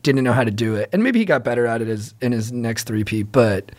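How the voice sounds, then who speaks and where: Actor guy on a podcast, middle-pitched voice, blunt and sweary, pretty animated. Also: brisk. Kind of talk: casual chat.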